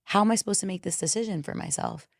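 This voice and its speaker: A woman appears as a podcast guest speaking as a coach, telling stories frankly, animatedly, and with plenty of swearing in casual conversation. Her mid-range voice is fast with vocal fry, captured in studio quality with no echo.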